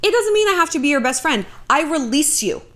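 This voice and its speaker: A woman's voice: sits high, sing-song, brisk, fairly bright tone. A woman in her thirties hosting a vlog, telling a personal story to the camera in a blunt, profane way with dry sarcasm. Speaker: vlog host.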